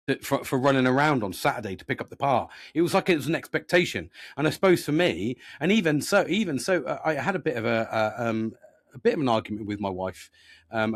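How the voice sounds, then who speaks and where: A man's voice: mid-range voice, no echo, studio quality. A man on a casual podcast, telling a story and venting with lots of swearing. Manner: animated, swears a lot, rising to loud exasperated rants. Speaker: podcast host.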